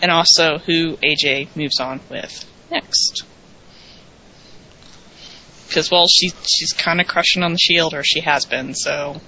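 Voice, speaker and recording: A woman's voice: sits low, steady tone, slow, long pauses, sharp tone, highs cut off, a little hiss or hum. A woman co-hosting a casual wrestling recap podcast, chatty and thinking aloud with restarts. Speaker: co-host.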